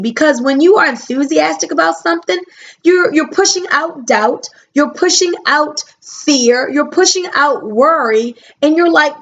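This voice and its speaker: A woman giving a motivational talk, emphatic, stretching her key words out slowly. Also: high voice, lo-fi sound. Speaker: motivational speaker.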